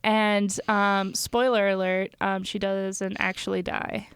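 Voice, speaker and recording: A woman's voice: mid-range voice, little pitch movement, takes it slowly, a bit bright, clean tone, dry recording. A young woman co-hosting a podcast, telling stories in casual chat with lots of fillers and laughter. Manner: chatty storytelling, laughs often, many fillers. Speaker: podcast co-host.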